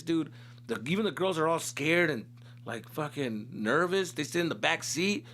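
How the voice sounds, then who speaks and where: A man's voice: a little high, animated, moderate pace, fairly bright tone. A man from Tucson, Arizona, hosting a podcast and telling a comic story in a casual, swearing, slangy way with Spanish mixed in. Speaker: comedian host.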